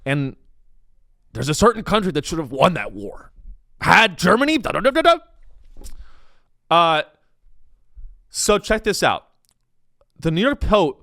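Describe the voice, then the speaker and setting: A man's voice: a little high, a bit bright, no echo. Young guy doing sarcastic news riffs on his podcast, voice jumps all over, dry recording. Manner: sarcastic, rambling, acts out quoted people. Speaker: comedy podcast host. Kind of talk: comedic news commentary.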